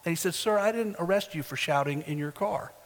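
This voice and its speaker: Male pastor, high voice, storytelling sermon delivery that builds to loud emphasis; long church-hall reverb. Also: fairly quick.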